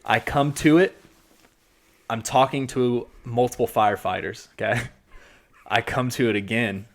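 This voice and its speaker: Speaking at a measured pace over slight background noise, this medium-pitched co-host recounts a story in a loose, lively way. He curses freely and performs his own past remarks.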